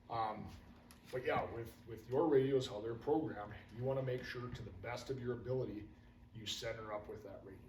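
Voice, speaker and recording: A man with a mid-range, slightly mellow voice gives casual, hands-on radio training to firefighters, folksy and wandering into anecdotes. The recording sounds roomy and distant, with a faint room hum.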